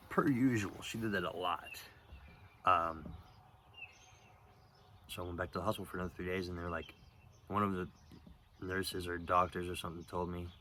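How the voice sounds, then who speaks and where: A young vlogger with a low voice tells a personal story in a casual, rambling way, swearing often and filling pauses with "um" and "like." He grows louder and more animated later on, and there's slight background noise.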